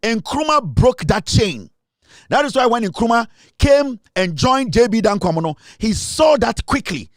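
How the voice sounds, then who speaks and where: A man's voice: extremely high pitch, sing-song, a little slow, no room sound, studio quality. A Ghanaian man giving a heated, scornful political monologue, repeating his points and slipping into Twi phrases. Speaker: political commentator.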